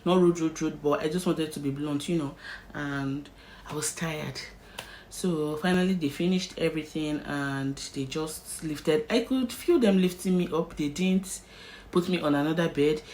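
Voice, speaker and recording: Low-voiced Nigerian woman telling a story. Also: moderate pace, a little hiss or hum, poor audio. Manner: animated, vivid storyteller who acts out scenes. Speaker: vlogger. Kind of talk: emotional story-time narration.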